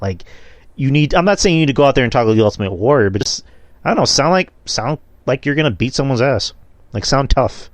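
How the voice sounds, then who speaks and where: A man's voice: medium pitch, expressive, fast talker, no echo. A man in a casual podcast discussion who talks in a loose, opinionated and profane way.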